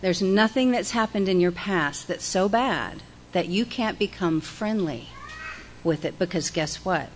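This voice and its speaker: A middle-aged woman, speaking candidly and folksily about her recovery and guiding a group through slow breaths. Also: lowish voice, a little hiss or hum. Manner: candid, self-deprecating, folksy. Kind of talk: personal recovery talk with guided breathing.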